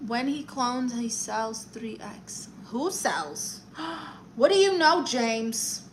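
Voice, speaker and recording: A woman's voice: on the high side, animated, very slow, slight background noise. A woman with a New York accent hosting a casual livestream, reading comments aloud and giving advice in a sassy, theatrical auntie manner. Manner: sassy, theatrical auntie, calls viewers honey and darlings.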